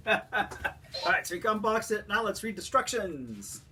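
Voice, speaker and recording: A man's voice: high voice, very animated, unhurried. A man, a father, casually reviewing a toy with his child at home, chatty and laughing as he shows each feature. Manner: chatty, laughs often, demonstrates as he goes. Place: room at home. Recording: loud background noise.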